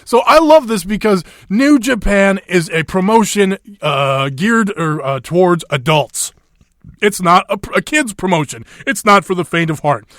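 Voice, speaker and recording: Expressive and unhurried, a high, somewhat bright male voice hosts a wrestling podcast in clean studio sound without echo. He's laid-back and casual, swearing freely, laughing often and using lots of fillers.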